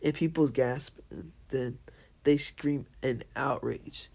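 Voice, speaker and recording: A man telling a casual, made-up fan story in a halting way, full of restarts and fillers. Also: mid-range voice, vocal fry, a little mellow, slightly rough. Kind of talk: casual fan-fiction narration.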